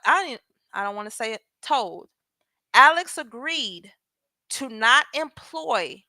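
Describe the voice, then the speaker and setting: High, bright-voiced woman commentator. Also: no room sound. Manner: talks straight to viewers, asking pointed questions. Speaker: legal commentary host. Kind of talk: reading a transcript aloud with commentary.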